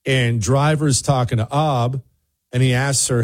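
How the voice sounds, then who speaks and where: Brief: male talk show host, husky, medium pitch, a lively and digressive storyteller. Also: takes it slowly.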